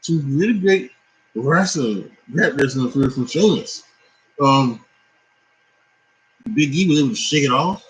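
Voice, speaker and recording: Tired man, mid-pitch voice, rambling casual wrestling reaction full of fillers and restarts. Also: lively intonation, a little slow, long pauses, low-quality recording. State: tired, yawning. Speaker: wrestling commentator.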